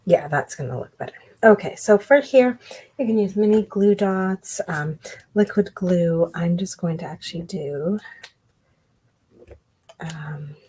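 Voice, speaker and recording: A woman giving a relaxed card-making tutorial, chatting and thinking aloud as she works. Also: on the low side, measured pace, pauses often, breathy edge, low-quality recording. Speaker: craft demonstrator.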